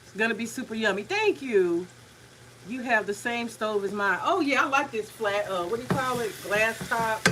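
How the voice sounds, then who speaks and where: A woman's voice: a little high, moderate pace, fairly bright tone, distant mic, a little hiss or hum, low-quality recording. Chatty woman cooking in a kitchen. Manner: chatty, rambling, searches for words. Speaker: home cook vlogger. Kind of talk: casual cooking vlog. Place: home kitchen. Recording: voice a bit off-mic, faint kitchen sizzle.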